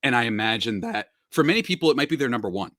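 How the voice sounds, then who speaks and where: Guy hosting a podcast, bright forward voice, dry close sound, laid back and jokey, lots of ums. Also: medium pitch, big pitch swings, very fast, no room sound. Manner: laid-back, joking, filler-heavy. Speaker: podcast host. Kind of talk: casual podcast chat.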